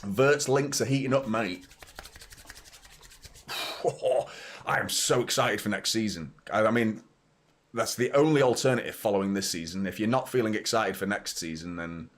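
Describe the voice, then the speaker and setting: A man's voice: on the low side, normal speed, long pauses. A young man hosting a football watchalong live stream, chatting casually, reading out viewer comments and often stumbling over his words. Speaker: football channel host.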